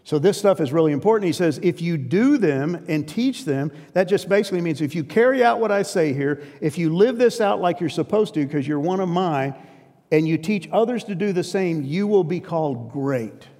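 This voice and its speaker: A man's voice: on the high side, lively intonation, fairly quick, warm tone. A male pastor preaching a sermon in an earnest, emphatic, conversational way. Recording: long reverb of a big hall.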